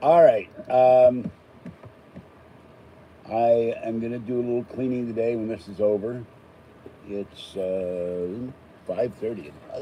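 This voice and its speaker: A man's voice: medium pitch, highs cut off, a little hiss or hum. An older man from Pittsburgh, chatting casually and rambling between topics as he unboxes an item. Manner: chatty, digressive, self-deprecating asides. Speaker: unboxing vlogger.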